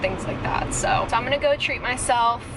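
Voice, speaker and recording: A woman's voice: a little high, normal speed. A young woman chatting casually in a vlog, rambling with lots of fillers, talking from her car. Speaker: vlogger. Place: in a car, on the road. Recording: noisy car recording.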